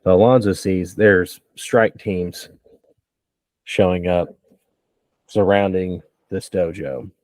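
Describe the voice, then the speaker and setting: A man running a tabletop game as game master, narrating with relaxed banter and frequent laughs. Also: low-pitched, slow pace, pauses often, no room sound.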